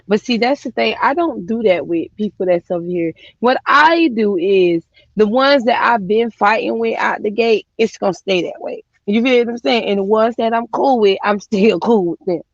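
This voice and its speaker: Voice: mid-range voice, normal speed, no echo. Blunt profane co-host on lo-fi audio. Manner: blunt and profane, with colloquial phrasing. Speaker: co-host on a live stream. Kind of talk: casual chat.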